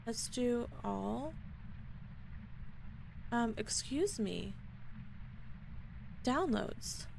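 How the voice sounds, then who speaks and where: Woman streamer, slightly high voice, slow flustered chat, faint noise behind. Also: lively intonation, creaky, a little mellow, low-quality recording. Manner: flustered, panicky, talks to chat. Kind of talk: casual live-stream chat. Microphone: desk microphone.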